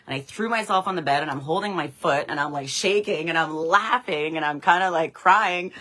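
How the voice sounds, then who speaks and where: A woman's voice: low voice, fairly quick, a bit bright. A young woman telling stories on a casual livestream, chatty and laughing often. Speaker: livestream host.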